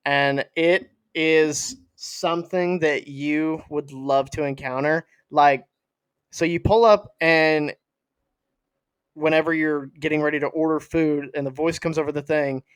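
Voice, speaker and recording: A man's voice: on the high side, fairly even intonation, a little slow, clear, resonant tone, no room sound. A man co-hosting a podcast, teasing his partner with goofy banter in casual chat. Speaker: podcast co-host.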